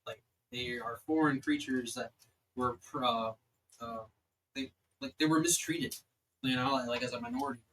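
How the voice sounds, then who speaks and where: A man's voice: medium pitch, sing-song, normal speed, a bit bright, a little hiss or hum, low-quality recording. A young man narrating as dungeon master, rambling with many fillers. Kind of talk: narrating a tabletop game.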